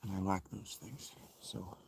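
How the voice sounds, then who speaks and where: A man's voice: low voice, steady tone, a little slow, vocal fry, a little hiss or hum. A man in his thirties, an author, chatting in a rambling, reflective way with frequent self-corrections. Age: 30s. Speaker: author reading his own novel. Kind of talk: casual spoken chat.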